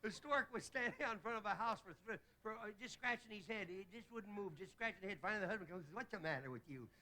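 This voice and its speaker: A man delivering a stand-up comedy monologue as host, telling rapid jokes and slipping into quick character voices. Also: high voice, pushed and bright. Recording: hissy old 1960s television broadcast.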